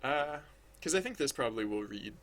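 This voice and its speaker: A man's voice: medium pitch, lively intonation, fairly quick, fairly bright tone. A man thinking aloud as he draws on a livestream, rambling and hesitant, full of restarts, chatting with viewers. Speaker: livestreaming digital artist.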